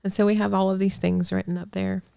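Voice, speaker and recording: A young adult woman sharing a heartfelt faith testimony as a guest in a conversation, earnest, with soft laughs and restarts. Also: mid-range voice, little pitch movement, fast, gravelly, no room sound, studio quality. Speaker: podcast guest, ministry director.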